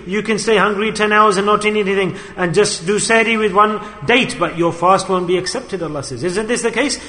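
Male preacher, sharp and bright tone, sermon with story asides, long hall echo. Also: high voice. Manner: storytelling preacher, switches between loud emphasis and quiet asides.

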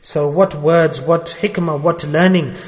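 Emphatic preacher, slightly high voice, echoing hall. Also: male voice, steady tone, unhurried. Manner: emphatic, asks the audience rhetorical questions. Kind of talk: sermon storytelling. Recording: long reverberant hall.

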